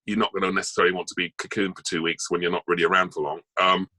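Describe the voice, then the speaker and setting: Chatty low-voiced man with a forceful tone. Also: flat delivery, rapid-fire, no room sound, low-quality recording. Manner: chatty, rambling, full of asides. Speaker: guest actor and voice artist. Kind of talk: casual interview chat.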